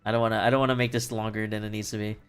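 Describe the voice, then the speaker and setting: A man's voice: on the low side, little pitch movement, racing, a bit bright, clean tone. Rambling, profane young-sounding man streaming. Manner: rambling, profane, many fillers and restarts. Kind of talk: casual chat recapping a play. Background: faint background music.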